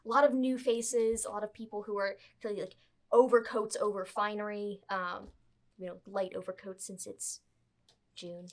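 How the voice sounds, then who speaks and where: A woman's voice: medium pitch, steady tone, normal speed. A woman narrating a tabletop game as game master, chatty and explanatory.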